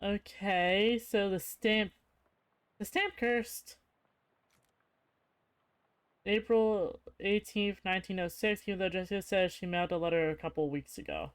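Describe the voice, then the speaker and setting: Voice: mid-range voice, dry recording. A streamer playing a game, reading its text aloud with chatty asides as casual commentary.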